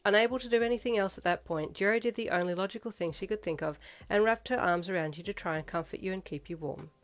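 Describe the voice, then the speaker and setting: A woman reading fan fiction aloud in second-person narration, with steady, even storytelling. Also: medium pitch, quick pace. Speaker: reader.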